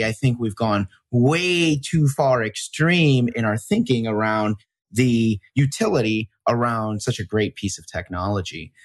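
A male podcast host who talks fast and jokes easily, with a plain, upfront manner. His voice sits mid-range, and the recording is close and dry. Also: mid-range voice, dry recording. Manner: upfront, joking, quick-talking. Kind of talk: casual podcast chat.

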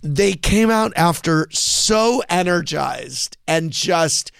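Gravelly, chatty man hosting a podcast. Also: a little high, lively intonation, slow pace, fairly bright tone, dry recording. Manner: chatty, gossipy, enthusiastic. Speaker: podcast host. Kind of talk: casual chat.

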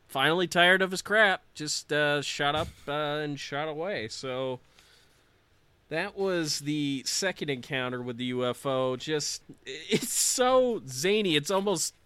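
A man hosting a podcast, telling a story in a casual, animated way with jokey asides and frequent laughs. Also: a little high, smooth, dry recording. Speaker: podcast host.

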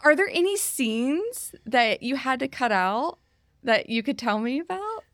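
A woman's voice: high voice, big pitch swings, measured pace. A woman hosting a podcast interview, responsive and laughing along with her guest. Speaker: podcast host. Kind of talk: casual interview.

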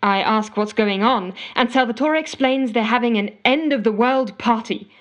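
A woman's voice: on the high side, normal speed, muffled recording, natural voice. An actress playing a frazzled, desperate woman who tells her story in a wry, exasperated comedic audio drama monologue. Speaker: narrating character.

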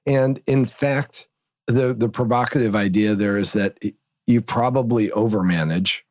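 A man from Northern Illinois, a guest on a podcast interview, telling stories in an animated way with big swings in pitch. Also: moderate pace, dry recording. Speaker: guest, agency consultant and author.

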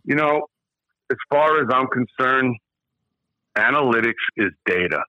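A middle-aged man spins anecdotes as an interview guest, his voice bright and forward. The sound is dry and a little muffled, with no room around it. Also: medium pitch, a little slow, no room sound. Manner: lively anecdotal storyteller. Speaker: guest, former hitting coach. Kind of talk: conversational storytelling.

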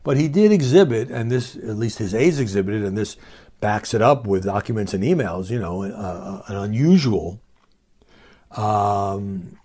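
A man's voice: lowish voice, a little mellow. A man hosting a solo podcast, giving commentary with wry, mocking asides. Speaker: podcast host.

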